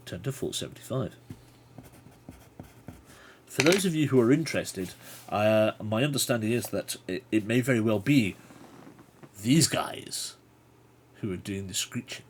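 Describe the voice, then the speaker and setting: A man's voice: fairly low pitch, animated, unhurried, long pauses, slight background noise. A man hosting a livestream, reading a gamebook aloud and chatting playfully with viewers. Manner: playful, chatty asides to chat.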